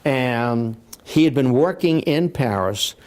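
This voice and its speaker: A man's voice: medium pitch, expressive, takes it slowly, a little mellow. A man giving a public history lecture in a library, telling it conversationally with frequent restarts and repeated words. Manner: conversational storytelling with many restarts.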